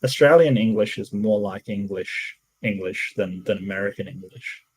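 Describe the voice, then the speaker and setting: Male podcast host, low husky voice, casual and meandering. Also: moderate pace, low-quality recording. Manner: musing, meandering with many restarts. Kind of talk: casual conversation.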